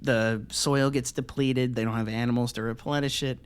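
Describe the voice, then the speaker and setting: A man co-hosting a casual podcast, ranting loudly and swearing often as he talks. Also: mid-range voice, normal speed, clear, resonant tone. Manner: ranting, profane, animated. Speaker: podcast co-host.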